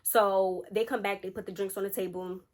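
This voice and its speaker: A young woman telling a story to her viewers at a quick clip. She is chatty and slangy and talks to the audience as if they were friends. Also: mid-range voice, steady tone. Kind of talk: casual storytime.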